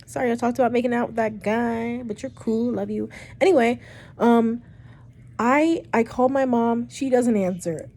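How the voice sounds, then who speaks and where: A woman's voice: fairly high pitch, normal speed. Chatty young woman telling a story. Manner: chatty, rambling, swearing, animated retelling. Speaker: storytime vlogger. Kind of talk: casual storytime vlog.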